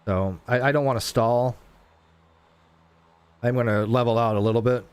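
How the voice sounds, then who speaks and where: A man streaming a flight simulator, talking casually and rambling as he flies, often stumbling over his words and getting excited. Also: medium pitch, moderate pace, clear, resonant tone, no room sound. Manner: rambling, self-interrupting, excitable. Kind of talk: casual live gameplay commentary.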